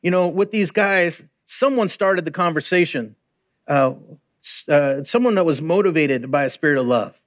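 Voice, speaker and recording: An earnest male preacher speaks in a conversational way. His voice sits a little higher than most men's, and he often pauses with "uh" or restarts a sentence. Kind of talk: sermon.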